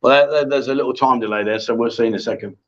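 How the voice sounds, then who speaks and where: A man's voice: mid-range voice, steady tone, very fast, a little hiss or hum. A man hosting a casual live-stream chat show, chatty and bantering with his co-host. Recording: dull lo-fi stream audio.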